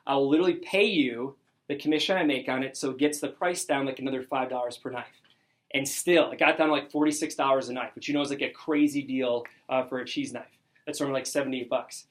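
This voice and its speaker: A young man telling an excited story to his sales team, acting out the dialogue as he goes. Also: medium pitch, fairly quick. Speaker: sales district manager. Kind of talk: motivational talk to a sales team.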